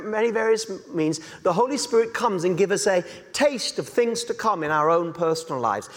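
Yorkshire-accented preacher in a reverberant hall. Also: male voice, sits high. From Yorkshire, England. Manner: conversational, acts out little dialogues in different voices. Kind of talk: sermon.

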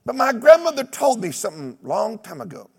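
Animated preacher man in echoing church. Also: high-pitched, brisk, gravelly, husky. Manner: animated storytelling with shouted exclamations; humorous, mimics other preachers. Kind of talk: sermon.

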